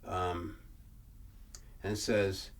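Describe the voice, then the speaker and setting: Low-voiced man lecturing from afar. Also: level tone. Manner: halting, repeats and restarts words, recites archaic verse. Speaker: workshop presenter. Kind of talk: lecture reading and explaining scripture. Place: workshop room. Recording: distant mic, faint room noise.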